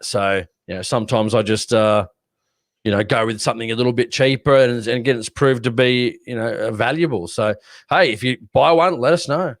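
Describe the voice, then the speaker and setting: Aussie podcast host, mid voice, dry close mic, rambles and laughs a lot. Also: male voice, medium pitch, steady tone, fairly quick, no room sound. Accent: Australian. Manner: rambling storyteller, laughs often, swears casually. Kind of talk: casual chat.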